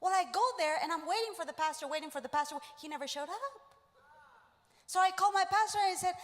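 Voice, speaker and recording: A woman's voice: very high-pitched, quick pace. A woman pastor preaching a sermon, telling her story with animation, acting out quoted voices and teasing the congregation directly. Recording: reverberant church hall.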